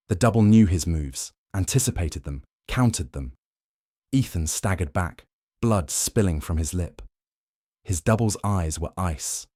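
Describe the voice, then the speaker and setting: Deep-voiced man narrating a thriller. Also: a little mellow, no echo, clean studio sound. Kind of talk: scripted dramatic narration.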